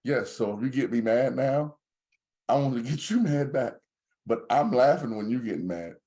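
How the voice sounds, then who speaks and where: A man's voice: medium pitch, normal speed. A man co-hosting a podcast, in casual joking banter. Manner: joking, animated storyteller. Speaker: podcast co-host.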